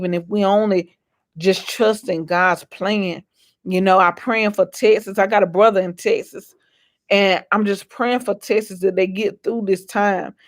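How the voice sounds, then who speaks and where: Woman preaching to her viewers on her vlog, folksy, repeats herself, encouraging. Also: medium pitch. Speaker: inspirational vlogger. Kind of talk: faith-based motivational monologue.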